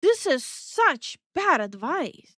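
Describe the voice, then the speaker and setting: Woman, exasperated reaction commentary, animated ranting, fairly high voice, dry close mic. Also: takes it slowly, dry recording. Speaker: VTuber co-host.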